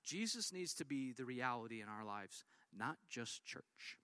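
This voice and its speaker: A man preaching a sermon as pastor, telling stories in an animated way and acting out what people said. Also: mid-range voice, a little slow, clean tone, dry recording. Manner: animated storytelling with acted-out quotes.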